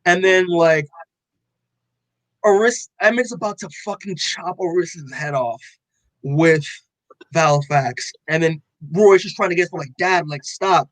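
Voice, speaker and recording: A young man co-hosting a podcast, excitedly recapping a comic in loose casual chat, full of "like" and swearing, acting out the characters' lines. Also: fairly high pitch, measured pace, long pauses, dry recording, low-quality recording. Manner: excited, loose, heavy on "like" and swearing, acts out quotes. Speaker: podcast co-host.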